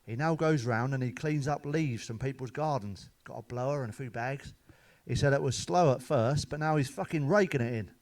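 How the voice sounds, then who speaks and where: A middle-aged man delivers dad jokes in stand-up style. He peppers every punchline with swearing and chuckles at his own gags. His voice sits at an ordinary middle pitch for a man. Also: normal speed, darkish tone. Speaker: stand-up comedian. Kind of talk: stand-up one-liners.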